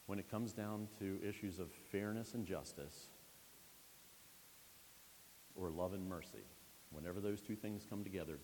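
A man's voice: deep voice, moderate pace, long pauses, darkish tone. A male pastor giving a conversational sermon and checking in with the congregation. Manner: conversational preaching, frequent "all right?" check-ins. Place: church sanctuary. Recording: long hall reverb, faint hiss.

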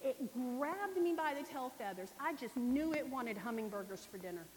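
A frantic little bird husband with a breathless, panicked rush, as a woman puts him on. He sits high, loud and strained. There is a long trailing reverb and a faint hiss behind him. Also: animated, normal speed.

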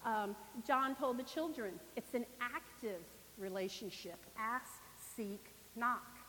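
A woman's voice: fairly high pitch, takes it slowly, fairly bright tone. A woman preacher giving a sermon at a church service, telling her stories with animation and acting out the people in them. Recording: long reverb, faint hiss.

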